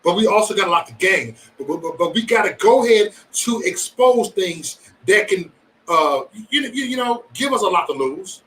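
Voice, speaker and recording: Lively, bright-voiced man ranting on a livestream. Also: sits high, moderate pace, distant mic, poor audio. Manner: profane, rambling banter, jokingly threatening. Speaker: livestream host. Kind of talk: casual livestream chat with viewers.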